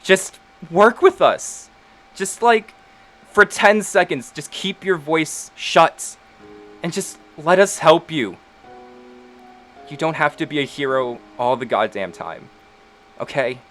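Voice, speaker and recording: A man's voice: a little high, animated, slow, pauses often, fairly bright tone, soft background music, pitched above the performer's own voice. A man voicing a tearful young woman who pleads with a friend and swears as her voice rises. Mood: pleading. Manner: pleading and swearing, voice rising in urgency.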